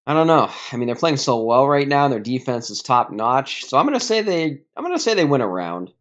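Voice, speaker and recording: A man calling into a sports podcast as a guest, talking through his picks in a measured, hedging way. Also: mid-range voice, very animated. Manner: measured, hedging, thinks out loud. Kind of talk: casual sports chat. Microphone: remote call. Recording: dull remote call line.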